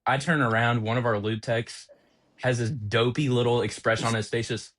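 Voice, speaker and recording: A young man on a podcast, an auto technician telling an animated, exasperated story about a workplace prank. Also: medium pitch, normal speed. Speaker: podcast co-host, automotive technician. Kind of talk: casual storytelling chat.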